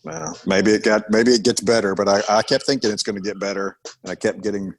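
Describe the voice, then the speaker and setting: A man co-hosting a podcast in casual chat, animated, slipping into voices when he retells something. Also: lowish voice, fast talker, slight background noise. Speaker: podcast co-host.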